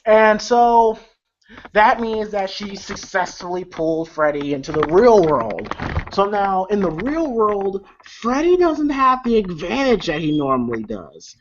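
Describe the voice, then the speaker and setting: A man's voice: sits high, very animated, measured pace. Casual man, rambling movie recap, fillers and swearing, lo-fi sound, faint hiss. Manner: rambling, loose, with many fillers, swearing and chuckles. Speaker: movie reviewer. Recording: lo-fi with faint noise.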